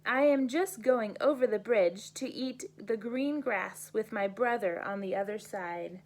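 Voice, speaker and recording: A woman's voice: medium pitch, a little slow, close to an everyday voice, low-quality recording. A woman voicing a middle-sized male billy goat who speaks politely and steadily, hiding his fear.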